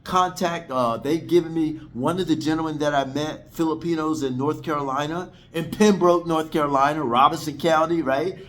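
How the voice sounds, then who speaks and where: A man talking casually to his vlog viewers from his apartment, in a voice a touch higher than most men's. He rambles, circles back to repeat himself and keeps addressing the audience as guys. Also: normal speed, few pauses. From United States. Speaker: vlogger. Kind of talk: casual talk to camera. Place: indoors, apartment on a third floor.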